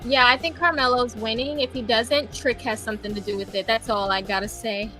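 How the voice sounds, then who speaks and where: Co-host, woman, high voice, emphatic, animated, playful. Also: a little fast, faint music behind. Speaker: podcast co-host. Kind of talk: casual wrestling prediction chat.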